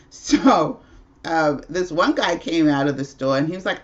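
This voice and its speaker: A woman's voice: deep voice, normal speed, highs cut off. A woman hosting a casual livestream at home, telling a rambling story with frequent laughs. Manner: chatty, rambling, laughs often. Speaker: livestream host.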